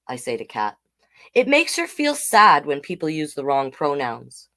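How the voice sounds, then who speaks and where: A woman reading picture books aloud to children, with chatty, animated asides to the viewers. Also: sits low, unhurried. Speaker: storytime reader.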